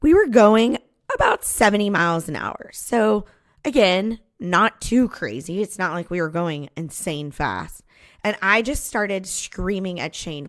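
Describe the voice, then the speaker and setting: A woman's voice: medium pitch, sing-song, measured pace, no echo, clean studio sound. A woman, a podcast host candidly telling her own story, with a few restarts. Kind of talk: personal storytelling.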